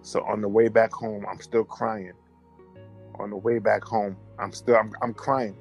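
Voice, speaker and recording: A man with a fairly low voice tells a personal story in a casual, conversational way. He is animated and keeps repeating and restarting his phrases. Faint music plays in the background. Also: measured pace, vocal fry. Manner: animated, repetitive, restarts and self-corrections. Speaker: storyteller recounting a memory.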